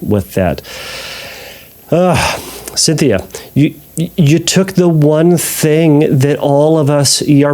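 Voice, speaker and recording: A man's voice: medium pitch, darkish tone. A man, a therapist hosting a podcast, answering a listener's question in a conversational way with frequent restarts and dry asides. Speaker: podcast host and ERP therapist.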